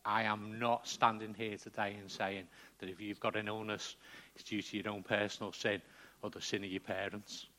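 A man's voice: lowish voice, little pitch movement, normal speed, bright, forceful tone. A man preaching a sermon in a conversational way, often checking in with the congregation.

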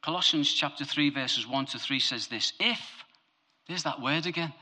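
Man, preacher, sermon, humorous, animated, very bright voice. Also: fairly high pitch, moderate pace. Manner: animated, humorous, voice rising to emphatic peaks.

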